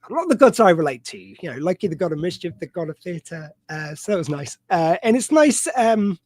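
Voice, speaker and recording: Rambling man with a higher voice. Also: dry recording. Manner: rambling, digressive, many fillers and restarts. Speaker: podcast host. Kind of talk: casual live-stream commentary.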